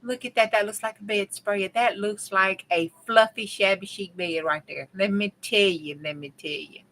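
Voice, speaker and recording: A woman's voice: mid-range voice, fairly even intonation, normal speed, fairly bright tone, rough recording. A woman with a Southern US country accent, chatting to her viewers while she works on a craft project, chopping off her words as she gets going. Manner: chatty, talks to viewers while working, drawls and chops words. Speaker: crafting channel host. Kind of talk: casual crafting vlog chat.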